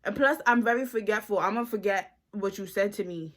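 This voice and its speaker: A woman in her twenties from the United States telling a casual storytime vlog into a phone camera, animated and slangy. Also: mid-range voice, brisk. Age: 20s. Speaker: vlogger.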